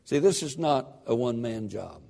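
A man preaching a sermon, fervent and building to shouted emphasis. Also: mid-range voice, lively intonation, normal speed, creaky, big-room sound.

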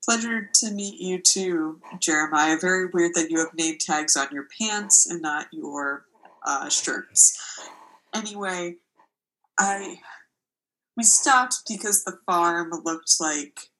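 A woman's voice: on the low side, takes it slowly, bright, forceful tone, poor audio. A woman playing a weary mother on a road trip, dry and exasperated, in a comedy improv sketch.

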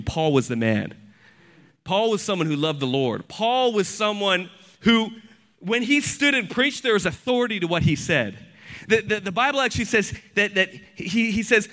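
A man preaching a sermon with fervent, building emphasis and quick restarts. His voice sits high and rings bright and forward. He drives each point home with rising intensity. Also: lively intonation, big-room sound. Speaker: pastor.

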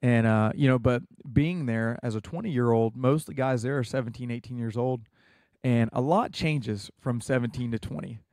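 A man's voice: mid-range voice, moderate pace, darkish tone, no room sound, clean studio sound. A young American man in a casual interview, earnestly telling a personal story with many fillers. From United States. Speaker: guest.

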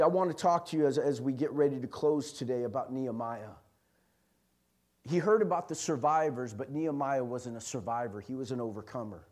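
A pastor preaching a sermon, swinging from quiet, intimate asides to loud, emphatic lines and repeating key phrases. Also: male voice, on the high side.

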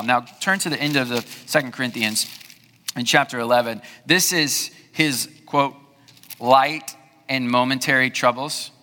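Bright-voiced man preaching in a hall. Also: mid-range voice, unhurried. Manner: conversational preaching with rhetorical questions. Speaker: pastor. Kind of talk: sermon.

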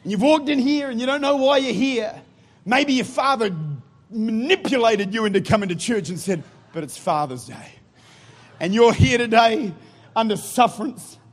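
A man preaches in a church with a rousing, energetic delivery. His voice sits high for a man. It carries a husky, breathy grain. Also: normal speed. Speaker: guest preacher. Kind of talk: sermon.

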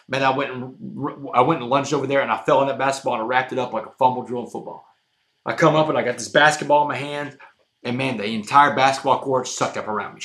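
Man telling a story in a roomy room. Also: medium pitch. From Texas, USA. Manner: animated, addresses the host often, says "man" a lot. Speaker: guest. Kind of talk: dramatic personal storytelling. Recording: roomy echo.

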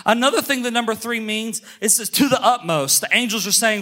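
A man preaching a sermon, emphatic, calling the congregation to look at him and say amen, slowing on key phrases and speeding through asides. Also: very high voice, sharp tone. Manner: emphatic, calls for amens and attention; shifts between brisk asides and slow stressed phrases. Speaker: pastor.

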